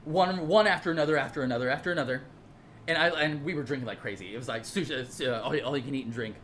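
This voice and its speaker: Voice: mid-range voice, fast, fairly bright tone, slight background noise. A speaker telling a personal story in a casual monologue, heated and profane, rambling with frequent repeats and restarts.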